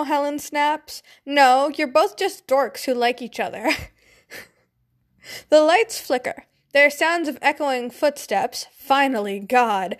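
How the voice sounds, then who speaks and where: A young woman casually reading a story aloud, breaking off into giggly, swearing asides. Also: high voice. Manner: giggly, swears, chatty tangents. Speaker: fanfiction reader.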